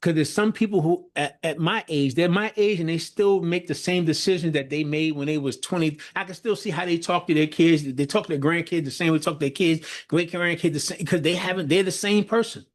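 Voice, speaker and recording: A man's voice: fairly high pitch, brisk, few pauses. A middle-aged man coaching on leadership with a slightly raised voice. He drives points home through repetition and a preacher-like rhythm, often restarting sentences. He sounds like he is on a video call. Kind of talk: motivational talk.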